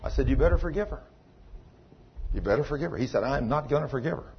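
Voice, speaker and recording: A man preaching a sermon as pastor, telling a story and acting out the dialogue, swinging between loud and soft. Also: mid-range voice, lively intonation, fast, gravelly, lo-fi sound, slight background noise.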